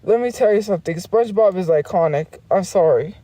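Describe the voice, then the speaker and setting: A woman's voice: on the low side, fairly quick, warm tone, no echo. A woman streamer in casual livestream chat, rambling along with frequent laughs and restarts.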